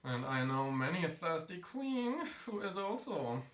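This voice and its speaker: A man's voice: fairly high pitch, sing-song, measured pace, fairly bright tone. A man as a drag queen hosting a campy home cooking vlog, sassy and full of quips. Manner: sassy, campy quips, calls viewers honey. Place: home kitchen. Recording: echoey room, faint noise.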